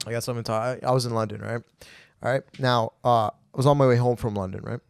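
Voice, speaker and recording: A man's voice: mid-range voice, fairly even intonation, fast, creaky, clean tone, no room sound, clean studio sound. A man hosting a comedy podcast, telling stories in a rambling, profane way and often tacking on "okay?" and "right?". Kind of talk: casual comedic storytelling.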